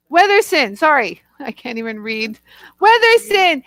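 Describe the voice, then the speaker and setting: A woman hosting a live product show, chatting warmly and talking straight to viewers in the chat. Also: high-pitched, unhurried, no echo.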